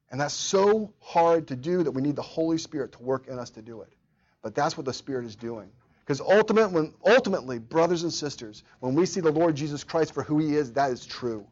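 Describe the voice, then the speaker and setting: A man's voice: a little high, muffled recording. A man preaching a sermon as pastor, earnest, often repeating words and acting out quoted prayers.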